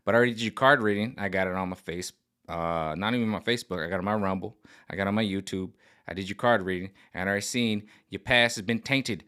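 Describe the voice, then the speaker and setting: A man ranting comedically to camera, rambling and animated, jumping in and out of voices. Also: fairly low pitch, quick pace, smooth. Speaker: vlogger. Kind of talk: comedic rant.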